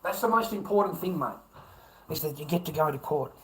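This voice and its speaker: A man's voice: fairly high pitch, lively intonation, a little fast, slightly rough. An Australian man on a livestream, ranting heatedly, swearing constantly and repeating himself. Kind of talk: angry livestream rant.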